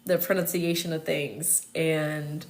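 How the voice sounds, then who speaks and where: Young American woman, casual livestream host, somewhat low voice, chatty and filler-heavy, laughs easily. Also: little pitch movement, slow. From United States.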